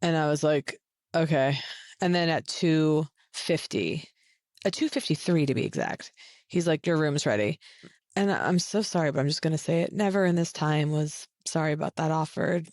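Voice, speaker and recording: A low-pitched woman chatting on a podcast, acting out quoted lines in her story. The sound is dry and close. She keeps it casual and lively. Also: normal speed, no echo. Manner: animated storyteller, acts out quoted people with jumps in pitch. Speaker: podcast co-host.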